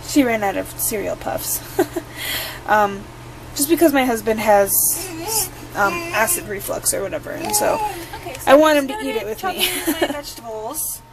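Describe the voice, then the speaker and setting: Chatty high-voiced woman cooking at home. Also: animated, normal speed, music in the background, rough recording. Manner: chatty, with frequent ums. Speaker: home cook. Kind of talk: casual cooking tutorial.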